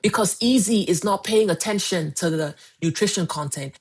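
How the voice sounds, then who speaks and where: A lowish, breathy-edged voice at normal speed comes from a weight-loss coach in her forties. Her casual phone livestream is emphatic, with key phrases repeated.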